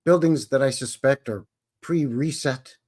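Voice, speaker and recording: A man's voice: mid-range voice, measured pace, a little mellow. A middle-aged man with a Western Canadian accent, hosting a casual live stream and greeting viewers in a folksy way.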